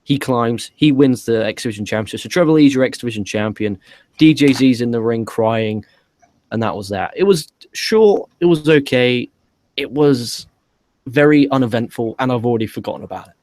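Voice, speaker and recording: A man's voice: medium pitch, lively intonation, normal speed, a little mellow, no echo. A man co-hosting a podcast, recapping a wrestling show in a dry, matter-of-fact way. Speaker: podcast co-host.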